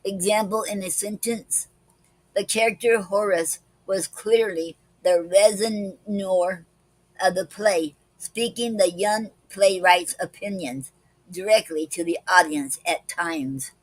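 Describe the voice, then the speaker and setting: A woman hosts a poetry club live stream, reading poems aloud and then explaining a poetic form and a word of the day. She takes her time, with a slow, careful delivery and a middle-range voice. Her voice is close and dry, with little room sound. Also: mid-range voice, no room sound, rough recording.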